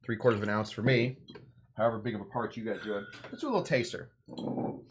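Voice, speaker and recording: A man's voice: on the low side, fast, slight background noise. Rambling man hosting a cocktail show. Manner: rambling, joking, self-interrupting. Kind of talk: casual rambling cocktail demo.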